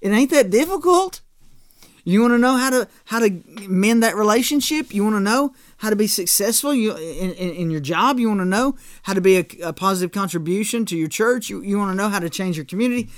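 A man's voice: high-pitched, quick pace, hardly any pauses, clean tone, no echo, clean studio sound. A man preaching a sermon as pastor, in a conversational way with frequent restarts and "right?" asides.

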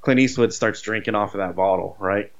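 A man casually retelling a movie plot, rambling and animated, with swearing. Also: lowish voice, a little fast, gravelly, muffled recording. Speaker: podcast co-host.

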